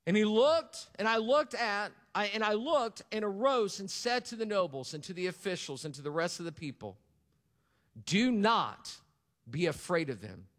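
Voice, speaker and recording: A man's voice: sits high, animated, moderate pace, few pauses, a bit bright. A male pastor preaching a sermon to his congregation, asking for responses and repeating key lines for emphasis. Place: church hall. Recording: long reverb of a large hall.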